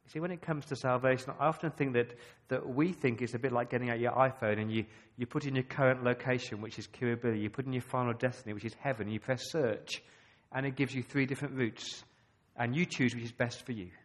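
An Australian man preaching a sermon, emphatic and full of rhetorical questions, with dramatic pauses. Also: mid-range voice, steady tone.

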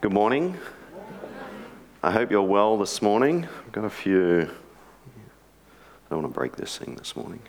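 A man's voice: on the low side, big pitch swings, unhurried, long pauses. A man giving a sermon, telling a joke story in a chatty way with joking asides before praying and teaching. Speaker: preacher.

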